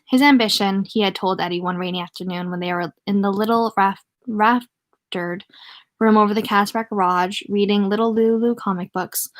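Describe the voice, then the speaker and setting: A woman reading a novel aloud casually, stumbling on words and stopping to comment. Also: medium pitch. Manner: stumbling, pauses to comment and laugh. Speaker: reader.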